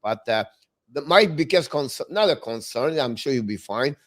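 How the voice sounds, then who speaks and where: Man with halting phrasing. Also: mid-range voice, expressive. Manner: halting, restarts phrases, non-native grammar. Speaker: hockey show co-host. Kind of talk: casual sports talk.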